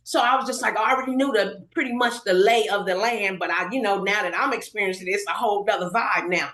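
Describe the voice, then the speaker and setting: Animated woman telling a story. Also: medium pitch, fast talker. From Inglewood, California. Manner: animated, acts out quoted voices. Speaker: guest hairstylist. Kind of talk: storytelling in casual podcast interview. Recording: roomy echoey room.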